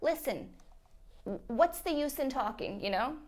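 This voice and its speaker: A woman's voice: high voice, big pitch swings, measured pace, darkish tone. A woman playing a nagging, guilt-tripping mother. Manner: melodramatic, whiny, guilt-tripping. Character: nagging, guilt-tripping middle-aged Jewish-style mother. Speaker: sketch actor. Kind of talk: comedy sketch phone call.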